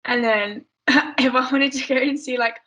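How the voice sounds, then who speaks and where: Young english woman on a podcast, kinda mumbly, lots of "like", bright voice. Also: high voice, fairly even intonation, moderate pace, lo-fi sound. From England. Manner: mumbly, lots of fillers, laughs easily. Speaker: guest athlete. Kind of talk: casual podcast chat.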